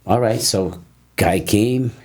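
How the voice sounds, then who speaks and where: A man with a very deep voice tells his story as a guest in a casual interview. He talks haltingly, restarting and repeating words as he goes. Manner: halting, repeats words, breaks off mid-sentence. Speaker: interview guest, personal trainer.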